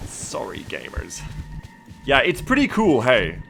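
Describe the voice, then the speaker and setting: A man streaming a strategy game live, excitable and rambling, swearing freely as he plays. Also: mid-range voice, takes it slowly, vocal fry, music in the background. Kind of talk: casual gaming livestream commentary.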